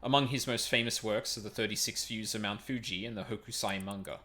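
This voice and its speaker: A man's voice: lowish voice, fairly quick, pushed and bright. A man streaming a video game, reading its text aloud and stumbling over unfamiliar words, with casual sweary asides.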